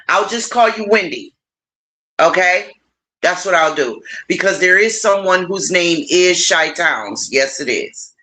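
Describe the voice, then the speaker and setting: A middle-aged woman host chats with her livestream audience at an unhurried pace. Her voice is bright and forward, and she moves from soft reassurance to playful, high-pitched teasing as she speaks to viewers by name. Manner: warm, encouraging, animated with big pitch swings; playful, addresses viewers directly. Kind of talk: casual livestream chat with viewers.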